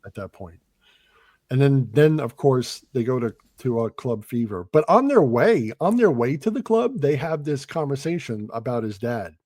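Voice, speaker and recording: A man's voice: medium pitch, expressive, moderate pace, a little mellow. A man chats casually on a movie podcast, retelling scenes and acting out quoted lines. He talks loosely with many ums and restarts. The sound is close and dry, with no room echo. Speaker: podcast host.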